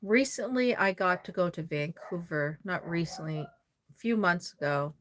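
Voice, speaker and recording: A woman's voice: on the low side, a little slow, slight background noise. A woman from Nova Scotia, chatting casually on a live stream, rambling and reading out viewer comments as she works on a doll. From Nova Scotia, Canada.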